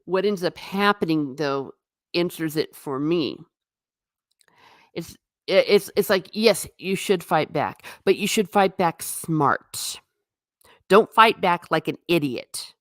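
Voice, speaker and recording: A woman's voice: fairly low pitch, slow pace, no room sound, clean studio sound. A woman talking casually in a live stream review, eagerly acting out lines from scenes as she goes. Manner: animated, acts out quotes from scenes. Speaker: TV show reviewer.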